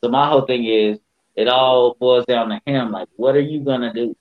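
A man's voice: medium pitch, steady tone, normal speed, phone-quality sound. A man co-hosting a casual basketball podcast, giving blunt, slangy opinions. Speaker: podcast co-host.

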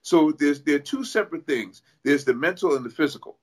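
A man's voice: a little high, animated, a little fast. A man with a New York accent, a fitness coach talking as a guest in an interview, earnest and explaining things step by step with frequent restarts. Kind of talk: casual interview talk.

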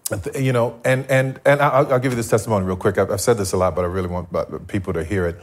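A man giving a personal testimony as a guest before a live audience, telling his story with animated, acted-out dialogue. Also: lowish voice, very fast. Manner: animated, acts out his past self in dialogue. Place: stage in front of a live audience.

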